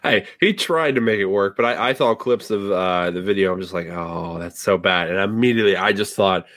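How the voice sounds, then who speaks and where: A man on a casual wrestling podcast who keeps things relaxed and moves the talk from topic to topic, dropping in plenty of fillers. His voice sits fairly low and sounds dry and close, with almost no room around it. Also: a little fast, no echo. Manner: relaxed, steers segments, uses fillers. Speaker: podcast co-host.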